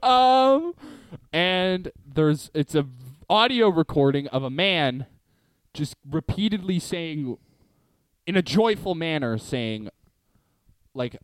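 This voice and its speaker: Brief: young male podcast co-host, slightly high voice, lively and rambling, dry close sound. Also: slow, clean tone, no echo. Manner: joking, rambling, laughs often. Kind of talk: casual chat.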